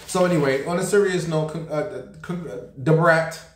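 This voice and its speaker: A man's voice: fairly high pitch, moderate pace, a little mellow, reverberant, slight background noise. A man hosting a casual gossip show, sassy, blunt and profane. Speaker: show host.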